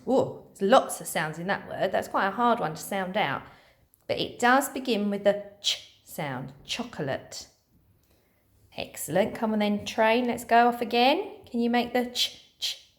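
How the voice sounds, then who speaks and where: Encouraging woman teaching phonics slowly. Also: fairly high pitch, expressive. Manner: slow, encouraging, sounds out letters. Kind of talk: recorded lesson for children.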